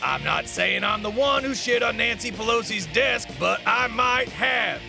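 A brash man in his forties hosts a comedy sketch in a high, bright voice that swings widely up and down. He has a gravelly edge to his tone and hammy, over-the-top delivery, with light music behind him. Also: measured pace. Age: 40s. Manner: brash mock-advertiser, lively and loud. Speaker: comedy show host.

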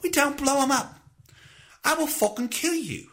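A man voicing a hot-tempered male fast-food security guard who rants profane threats at customers. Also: very high-pitched, fairly bright tone, voice pushed up. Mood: raging. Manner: profane, menacing rant.

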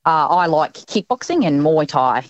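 A woman guest delivering lines in a put-on accent for a guessing game, quick and confident. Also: low voice, big pitch swings, no echo. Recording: dull remote audio line.

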